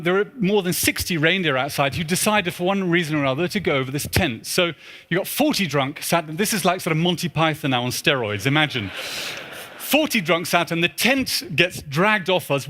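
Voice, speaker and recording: A man with a higher, sharp-toned voice stands on stage in a large church hall, speaking at a symposium. He tells the audience a self-mocking travel anecdote, peppered with "sort of" fillers and comic asides.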